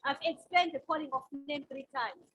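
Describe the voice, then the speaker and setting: Woman chairing parliament, high bright voice, keeps calling order. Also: brisk, highs cut off. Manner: firm, repeatedly calling members to order. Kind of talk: chairing a heated debate.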